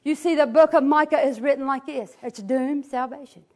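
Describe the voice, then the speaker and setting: A woman preaching a sermon, telling a story dramatically and rising to tearful shouts at the high points. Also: normal speed. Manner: dramatic storytelling, rises to crying shouts at climaxes.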